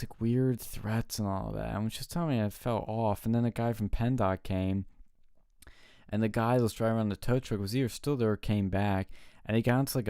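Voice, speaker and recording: A man co-hosting a casual talk show, telling stories excitedly and swearing often. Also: lowish voice, smooth, no echo, studio quality. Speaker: co-host. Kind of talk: casual chat.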